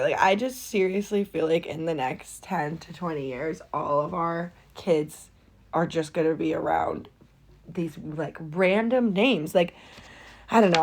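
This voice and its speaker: A young adult woman hosts a casual solo podcast, ranting about strange baby names with animated disbelief. Her voice sits lowish and moves a little slowly, and she swears and laughs often.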